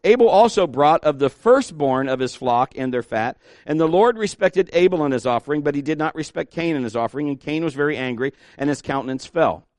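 A man's voice: fairly high pitch, animated, a little fast, hardly any pauses, darkish tone, no room sound, clean studio sound. A middle-aged man preaching a folksy, emphatic sermon as pastor, repeating key words for stress.

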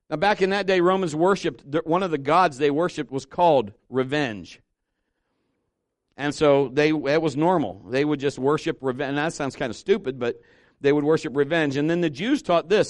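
Pastor guy preaching, lively and emphatic, bit high voice, dry close sound. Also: normal speed, dry recording. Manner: animated preaching, drops softer for scripture reading. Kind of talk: sermon.

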